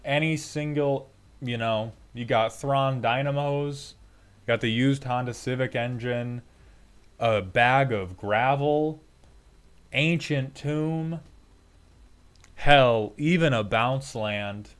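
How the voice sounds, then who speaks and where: Male streamer host, sarcastic, profane, mid-pitched, loose casual banter. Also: takes it slowly, smooth. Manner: sarcastic, profane, mock-scolding. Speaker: streamer host roasting viewer decks.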